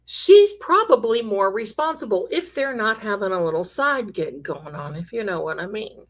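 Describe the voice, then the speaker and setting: At a moderate pace and with an expressive, medium-pitched voice, a woman hosts a live psychic stream. She comes from Italian heritage, chats emphatically, tells viewers stories and drifts into quoted voices.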